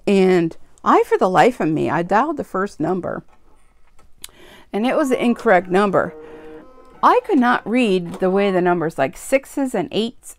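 A woman's voice: mid-range voice, a little hiss or hum. A tired woman hosting an embroidery vlog, chatting in a rambling, self-deprecating way with lots of fillers while she works. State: tired, yawning. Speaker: embroidery channel host. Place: home sewing room, sewing machine running.

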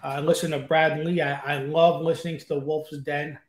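Man, interview guest, enthusiastic, rambling, fairly high voice, echoey room, video call. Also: level tone, fairly quick. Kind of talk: casual interview chat. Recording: roomy echo.

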